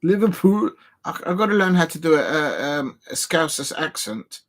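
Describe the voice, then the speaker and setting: Very animated and talking a little fast, a man with a slightly high, fairly bright voice rambles through a football match on a live watch-along stream. He's close to his desk mic, full of fillers and restarts, and often self-deprecating.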